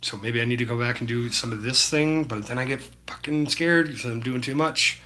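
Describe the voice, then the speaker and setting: Painting live, this man chats with viewers by name in a bright, forceful, medium-pitched voice, going a little fast. His manner is laid-back and rambling, and he swears freely.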